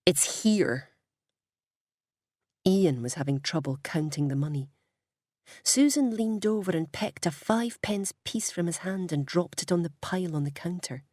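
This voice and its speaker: A woman reading a story aloud in a calm, unhurried narration. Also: low-pitched, dry recording, studio quality. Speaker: audiobook reader.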